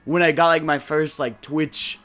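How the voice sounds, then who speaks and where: A young man hosting a casual podcast, excitable and swearing, with many fillers. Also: a little high, moderate pace. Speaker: podcast host.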